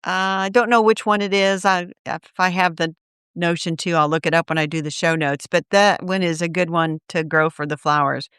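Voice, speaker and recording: A woman's voice: fairly low pitch, steady tone, normal speed, fairly bright tone, clear, resonant tone, dry recording, clean studio sound. A woman co-hosting a gardening podcast, chatting in a practical, matter-of-fact way. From American Midwest. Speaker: podcast co-host. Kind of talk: casual gardening chat.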